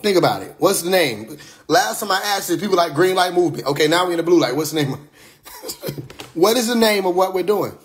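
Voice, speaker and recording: A man's voice: high voice, expressive, brisk. Streetwise man talking loosely on a live stream. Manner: loose, streetwise, profane, laughs often. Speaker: livestream host. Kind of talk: casual livestream monologue. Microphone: phone livestream.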